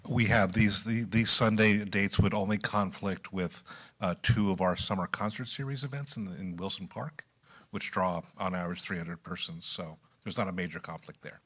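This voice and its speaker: A man presenting a staff report at a city council meeting, speaking in a measured way with frequent filler pauses. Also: sits low, fairly even intonation, pushed and bright. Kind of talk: formal public meeting report.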